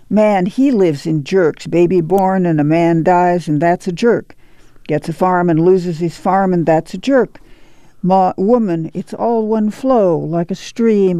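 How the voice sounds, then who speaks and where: A woman reading a steady, weary farm mother who speaks in calm, soothing rural talk in an audiobook. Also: lowish voice, no echo, close to an everyday voice.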